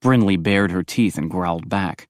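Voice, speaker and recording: A man reading audiobook narration in a brisk, expressive storytelling manner. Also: deep voice, dry recording, clean studio sound.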